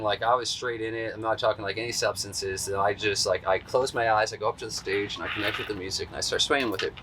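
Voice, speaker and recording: A man's voice: fairly low pitch, noisy background. A man telling a long personal story in a casual, slangy way, acting out what people said in a raised voice. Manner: animated, acts out quotes in a raised voice; laid-back, slangy. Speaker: interview guest.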